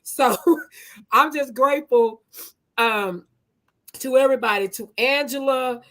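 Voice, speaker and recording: Brief: high-pitched woman nonprofit leader, folksy and heartfelt, speaking on a video call. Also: takes it slowly, fairly bright tone. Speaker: nonprofit CEO. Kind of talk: emotional thank-you speech on a video call.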